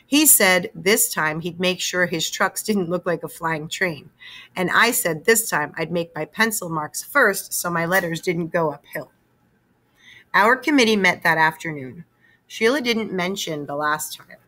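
Woman reader for a kids' chapter book, clear and steady, slightly low, bright timbre. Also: measured pace. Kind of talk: reading a children's novel aloud.

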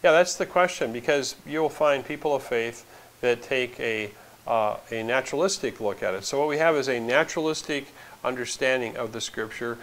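Filmmaker guy being interviewed, earnest, kinda reflective, normal pitch. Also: normal speed, fairly bright tone. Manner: earnest, reflective, with frequent restarts. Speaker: documentary filmmaker, interview guest. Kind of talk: casual conversational interview.

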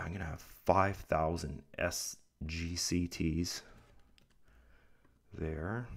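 A young man with a somewhat low voice, under the weather and a bit rough in the throat. He talks in a loose, chatty vlog style and slips into pep-talk encouragement, nudging his viewers with "guys" and "right?". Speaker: online income vlogger. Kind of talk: casual talk to camera over screen recording.

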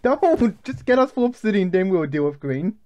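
Chatty man gaming, fairly high voice. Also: very animated, moderate pace, mellow, lo-fi sound. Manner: rambling, joking, running commentary. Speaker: gamer. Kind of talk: casual gaming chat.

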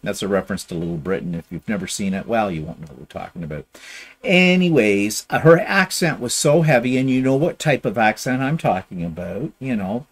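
A man's voice: lowish voice, animated, a little fast, husky. A middle-aged man from Canada, co-hosting a casual chat and telling a long rambling story. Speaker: podcast co-host.

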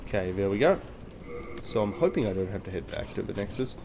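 A man's voice: on the low side, animated, fast talker, darkish tone, a little hiss or hum. A man giving casual gameplay commentary, thinking aloud, explaining game mechanics and swearing freely. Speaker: gaming video host.

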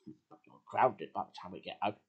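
Brief: man voicing a stern, husky bear father in a homemade story. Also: sits low, moderate pace, highs cut off, voice pushed down. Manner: gruff, scolding.

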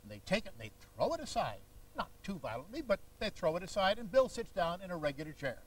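A man lectures an audience like a showman, with theatrical storytelling. His voice sits a little high. The mic is some distance away in the hall. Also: quick pace. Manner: lively, theatrical storytelling with impressions. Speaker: lecturer and stage conjurer. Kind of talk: public lecture.

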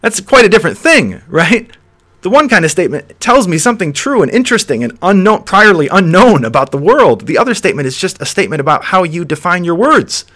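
A man's voice: high voice, big pitch swings, fairly quick, a bit bright. A man hosting a philosophy podcast, talking the listener through an imagined scene, chuckling often and repeating words as he thinks aloud. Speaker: podcast host.

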